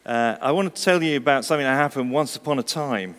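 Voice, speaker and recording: A man's voice: mid-range voice, fast, fairly bright tone, in a large hall. A male pastor giving a Christmas sermon, chatty and storytelling with touches of humour. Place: church service.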